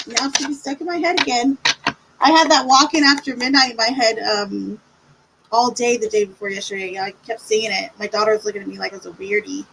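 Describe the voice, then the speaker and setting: A woman's voice: fairly high pitch, fairly even intonation, quick pace, gravelly, heavy background noise. A middle-aged woman giving live tarot readings on a stream, chatty and reassuring as she talks to viewers. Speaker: tarot reader.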